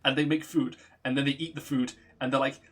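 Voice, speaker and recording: A man's voice: medium pitch, little pitch movement, a little fast, fairly bright tone. A man streaming a video game, chatting loosely and swearing freely as he rambles and corrects himself. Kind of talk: casual chat while playing a game.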